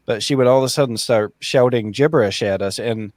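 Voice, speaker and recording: A man's voice: medium pitch, brisk, darkish tone, dry recording, clean studio sound. A man hosting a casual author chat over a video call, talking with chatty enthusiasm and laughing often.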